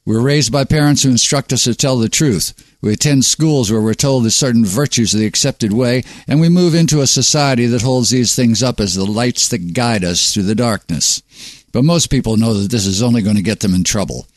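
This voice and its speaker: A man's voice: mid-range voice, a little fast, no room sound, clean studio sound. A man hosting his own show, reading a sardonic, preachy monologue. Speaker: host.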